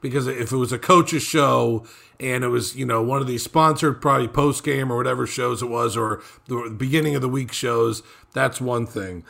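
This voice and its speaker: A man co-hosting a sports talk show, relaxed, mostly adding short remarks. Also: mid-range voice, normal speed, vocal fry. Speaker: radio show co-host.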